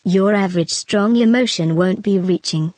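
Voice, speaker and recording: A woman's voice: mid-range voice, moderate pace, a little mellow, no echo. Woman reading a web novel, dry sound. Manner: reads numbered online comments one after another. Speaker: narrator.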